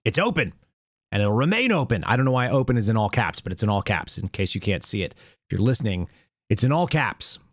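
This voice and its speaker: A man's voice: fairly low pitch, big pitch swings, a little fast, dry recording, studio quality. A man hosting a live news commentary show, reading headlines aloud and mocking them with sarcastic asides and chuckles. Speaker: show host.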